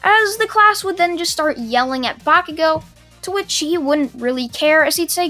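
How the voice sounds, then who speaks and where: A woman's voice: high-pitched, lively intonation, normal speed, pushed and bright, faint music behind. A teenage girl telling a fan-made anime story, rambling casually with lots of fillers and chatty asides.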